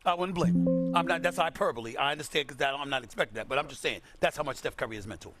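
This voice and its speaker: A man's voice: a little high, very fast, a bit bright, faint music behind. A man giving sports opinions in an emphatic, slangy way, stretching words for stress. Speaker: sports commentator.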